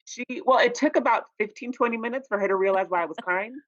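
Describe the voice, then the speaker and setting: A man's voice: high voice, fast talker, fairly bright tone, no echo. A man, a recording artist being interviewed, talking candidly and telling stories with frequent "you know" asides. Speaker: independent recording artist, guest. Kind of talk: casual interview chat. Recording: dull lo-fi dry recording.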